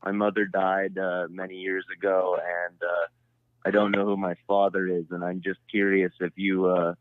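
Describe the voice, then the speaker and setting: A deep, low-voiced man calls into a talk show over a thin, tinny phone line with a dry sound. He talks hesitantly and keeps stopping on filler words. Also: monotone, normal speed, no echo. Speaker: caller. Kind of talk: call-in conversation.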